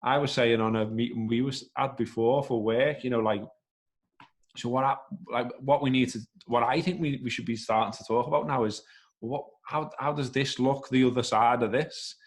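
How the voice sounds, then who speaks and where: A man's voice: medium pitch, fairly even intonation, moderate pace. A man speaking as a podcast guest, thinking aloud in a rambling, casual way with some swearing. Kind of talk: casual conversational podcast chat.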